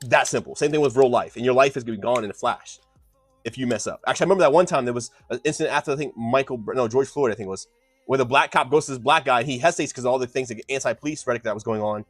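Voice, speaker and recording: A man debating his chat on a live stream, lecturing and combative, swinging from loud outbursts to muttered asides. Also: medium pitch, rapid-fire, faint music behind.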